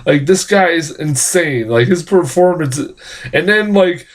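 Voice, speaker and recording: Male film reviewer, raised-pitch voice, casual and excitable, rambling with frequent swearing. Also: unhurried.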